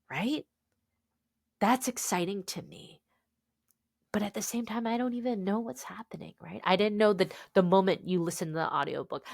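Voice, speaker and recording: A woman in her thirties from the United States, an author telling stories as a guest on a podcast interview in an animated, expressive way. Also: medium pitch, dry recording, studio quality.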